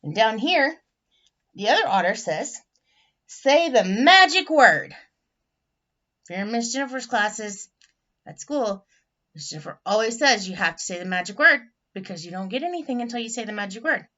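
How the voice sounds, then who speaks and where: A woman teacher reading a picture book aloud to children, animated and chatty, with friendly asides. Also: mid-range voice, a little fast. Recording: dull lo-fi recording.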